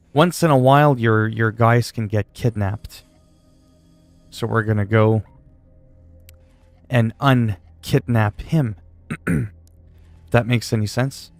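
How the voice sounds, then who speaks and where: A man's voice: mid-range voice, creaky, dry recording. A man chatting casually while livestreaming a game, answering chat questions in a laid-back, swearing way.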